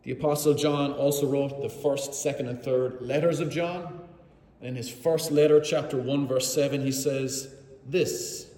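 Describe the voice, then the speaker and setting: A man's voice: medium pitch, steady tone, moderate pace, dark tone. A man preaching a sermon, telling the story vividly and speaking directly to his congregation. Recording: roomy hall with long reverb.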